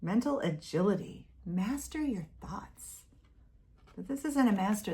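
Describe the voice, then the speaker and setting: A woman's voice: medium pitch, lively intonation, unhurried, warm tone. A woman giving a casual tarot reading to viewers, chatty and playful, breaking off to talk to her dog. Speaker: tarot reader.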